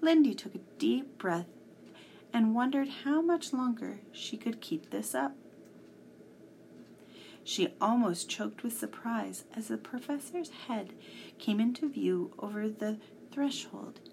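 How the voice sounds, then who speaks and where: A woman reading a children's story aloud, measured and sometimes hushed. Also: fairly high pitch, lively intonation, vocal fry, a little hiss or hum.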